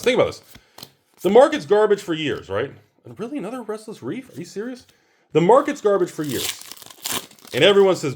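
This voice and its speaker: Animated ranting male vlogger. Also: on the high side, a little hiss or hum. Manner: animated, ranting, exclaims over cards. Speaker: host opening card packs. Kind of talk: casual ranting commentary.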